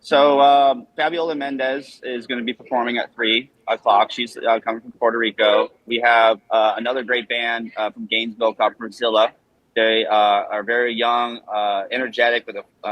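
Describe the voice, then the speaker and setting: A man's voice: mid-range voice, flat delivery, normal speed, dry recording, dull audio. A man, a festival organizer, who sounds upbeat and laughs easily as he talks through the lineup as a guest. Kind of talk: casual interview chat.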